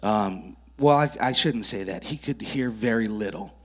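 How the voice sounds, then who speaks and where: A man's voice: lowish voice, normal speed, breathy edge. A male preacher in a church sanctuary, telling miracle testimonies and calling up child volunteers at a kids camp. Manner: animated storyteller who works with child volunteers. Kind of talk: sermon with testimony stories.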